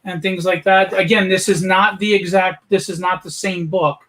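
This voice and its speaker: Male co-host, high voice, teasing, casual banter. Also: little pitch movement, moderate pace, fairly bright tone. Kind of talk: casual livestream chat.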